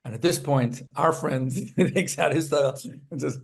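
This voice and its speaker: A man who is a rabbi and author, telling lively anecdotes as an interview guest and acting out the people in his stories. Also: a little high, normal speed, creaky. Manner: animated, acts out characters in his stories.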